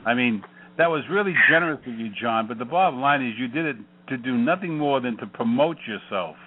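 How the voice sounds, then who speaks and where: A man's voice: mid-range voice, expressive, fairly quick, a crowd in the background. An older man hosting a call-in radio show, talking bluntly, sarcastic and profane. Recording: phone-like line.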